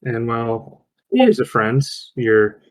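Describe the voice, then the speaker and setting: A man's voice: mid-range voice, very animated, unhurried, poor audio. A man playing a tabletop role-playing game, talking casually, thinking aloud and swearing when things go wrong.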